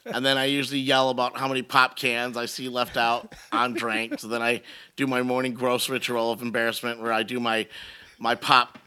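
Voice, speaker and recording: A man's voice: mid-range voice, normal speed, clean tone. A middle-aged man in casual chat, ranting and telling stories, with plenty of swearing. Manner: profane, animated ranting storytelling.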